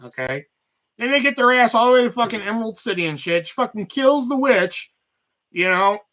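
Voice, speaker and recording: A man's voice: extremely high pitch, expressive, brisk, fairly bright tone. A man hosting a podcast, ranting casually and animatedly with heavy swearing. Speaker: podcast host. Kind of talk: casual profane rant.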